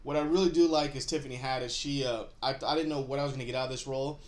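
A man's voice: medium pitch, fairly even intonation, racing, a little hiss or hum. A man hosting a casual TV episode recap, laid-back and rambling, chuckling often as he talks. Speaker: show host.

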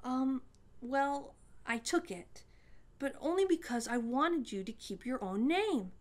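A woman's voice: high voice, expressive, slow pace, pitched above the performer's own voice. Woman playing friendly young schoolboy, eager, upbeat, raised voice.

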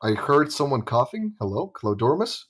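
A man's voice: medium pitch, big pitch swings, moderate pace, breathy edge, poor audio. A man hosting a voice call, talking bluntly and swearing, checking facts with the others as he goes. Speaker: channel host leading a voice call. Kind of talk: casual heated call chat. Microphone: voice chat call.

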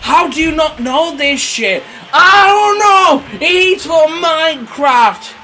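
A British man giving excitable, crude play-by-play of a mock wrestling battle, jumping between yelling and mumbling. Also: very high voice, slow, slight background noise. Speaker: comic wrestling commentator. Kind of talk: over-the-top play-by-play commentary.

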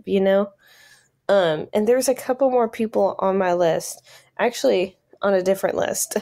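Slow-talking young woman, hesitant and giggly. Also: mid-range voice, dark tone. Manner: hesitant, filler-heavy, giggly. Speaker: podcast co-host. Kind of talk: casual chat.

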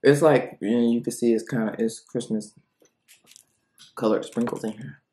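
A woman's voice: extremely low pitch, fairly even intonation, normal speed, mellow, echoey room. A woman reviewing cookies in a casual food vlog, chatty and rambling, thinking aloud between bites.

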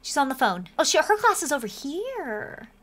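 High-voiced excitable woman gamer. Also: moderate pace. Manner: excitable, chatty, gasps often. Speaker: gameplay narrator. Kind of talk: casual game commentary.

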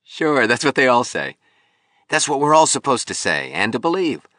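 Male reader doing a bitter, wounded young sculptor, higher and tense, audiobook. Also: big pitch swings, moderate pace, a bit bright, no room sound, clean studio sound. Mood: suspicious, bitter. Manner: pleading, suspicious, voice cracking. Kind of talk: audiobook reading.

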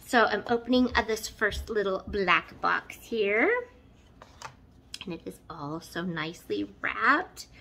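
Gushing woman vlogger with a bright voice. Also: medium pitch, moderate pace, gravelly. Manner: gushing, effusive, exclaims often. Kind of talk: casual unboxing chat.

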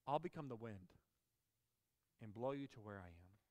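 A man's voice: on the high side, expressive, fairly quick, fairly bright tone, in a large hall, slight background noise. A man voicing a loving, steadfast mother bunny in a storybook reading. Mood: reassuring.

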